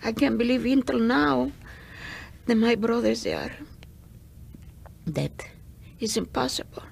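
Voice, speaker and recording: An older woman from Greece gives a recorded testimony in halting English, searching for words as she goes. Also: a little high, big pitch swings, darkish tone, a little hiss or hum. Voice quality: gravelly, husky. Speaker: Holocaust survivor giving testimony.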